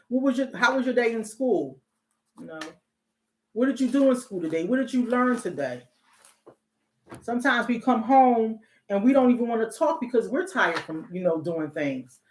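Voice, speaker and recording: Chatty woman therapist in an echoey room. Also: mid-range voice. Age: middle-aged. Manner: conversational, repeats words, rhetorical questions. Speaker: host, therapist. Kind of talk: casual talk on parenting and emotions.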